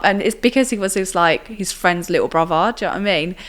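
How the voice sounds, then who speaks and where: Speaking fairly quickly at medium pitch, a woman in her twenties shares her personal story as a guest on a podcast interview. She's chatty, sprinkling in "like" and "do you know what I mean" throughout.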